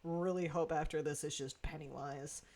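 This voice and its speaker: A woman's voice: low voice, normal speed. Laughing, swearing woman reviewing a show. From Pacific Northwest, USA. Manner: animated, laughs often, swears casually. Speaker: YouTube reviewer. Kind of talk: casual TV episode review.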